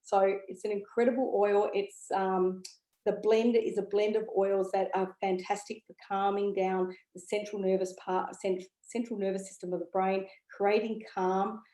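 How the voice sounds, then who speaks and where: Speaking at a normal speed with a medium pitch, this woman has a dark tone and a flat delivery, even as she chats enthusiastically about essential oils. She's an educator giving a casual on-camera product talk full of ums and okays, recorded in an echoey room.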